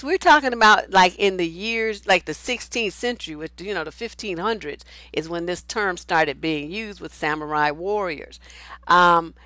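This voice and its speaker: A blunt, outspoken woman speaks as a relationship coach, her talk loose and unscripted as she answers viewer comments. She swears freely and does not soften her opinions. Her voice sits at a middle pitch and sounds close and dry, with no room echo. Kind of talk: casual advice talk, reading viewer comments.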